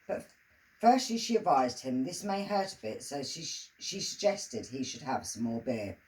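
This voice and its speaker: A woman reading her own comic rhyming story aloud in a lively, sing-song storytelling manner. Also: very deep voice, normal speed, poor audio.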